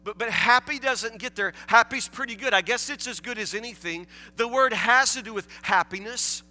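A man preaching in a church, with a high voice and a very bright, forceful tone. He talks conversationally, often stumbling and restarting words as he explains. The sound carries a long hall echo with faint music underneath. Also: moderate pace. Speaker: pastor. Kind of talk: sermon.

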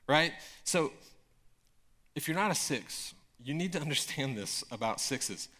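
A man preaching a sermon in a casual, conversational way, with frequent filler words and emphatic bursts of excitement. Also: medium pitch, a little slow. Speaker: pastor.

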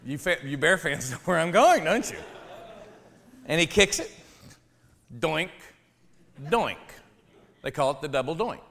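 Animated pastor with a gravelly voice. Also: male voice, a little high, normal speed. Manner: animated, jokey, swings from hushed to shouting. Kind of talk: storytelling sermon.

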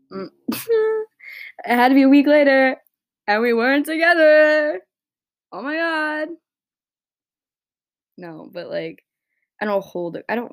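A young woman hosting a solo podcast, rambling casually and self-deprecating, swearing a lot. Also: on the low side. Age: young adult. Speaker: podcast host.

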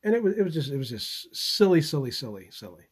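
A man's voice: on the high side, very animated, fast talker, husky. A man hosting his own channel and talking live in a casual monologue. He halts and repeats words often and chuckles as he goes. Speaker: channel host.

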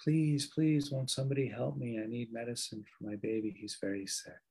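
A man voicing a grief-stricken young mother who pleads for help, his husky voice lifted and softened. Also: mid-range voice, fairly even intonation, normal speed. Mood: pleading.

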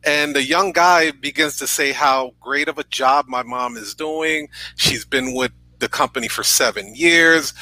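A man's voice: mid-range voice, measured pace, few pauses, bright, forceful tone, no echo, poor audio. A man in his thirties from New York, a podcast guest earnestly telling a personal story over a video call, often checking in with "right?". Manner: earnest, tag questions with "right?".

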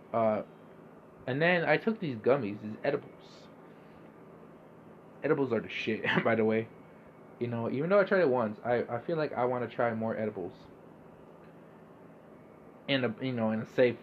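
A man's voice: medium pitch, muffled recording, slight background noise. A young man hosting a casual monologue podcast, laid-back and rambling, swearing freely. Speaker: podcast host.

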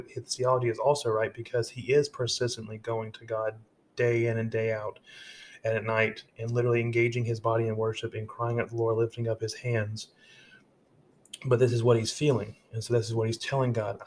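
A man teaching on a devotional podcast, his mid-pitched voice moving in a flat, narrow band. He reads verses aloud, then talks them through casually with restarts, over a faint hum in the background. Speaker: podcast host. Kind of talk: devotional teaching with scripture reading.

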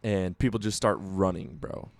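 A man's voice: deep voice, normal speed, dry recording. A young man telling a rowdy story in casual podcast chat, swearing a lot and acting out what people said. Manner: animated storyteller, swears a lot, acts out quotes.

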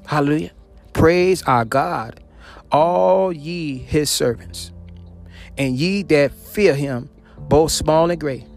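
A man with a fairly high voice preaches with fervor, repeating phrases and calling out hallelujah again and again. He swings between ringing calls and low, hushed murmurs. Soft music plays faintly behind him. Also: takes it slowly, creaky. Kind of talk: sermon on scripture.

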